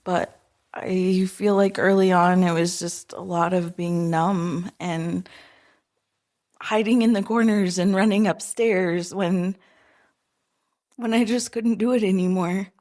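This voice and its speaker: A woman guest on a podcast, telling family stories in an unhurried, gentle way with soft laughter between thoughts. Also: lowish voice, fairly even intonation. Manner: unhurried, often laughing softly while remembering. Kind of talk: casual interview storytelling.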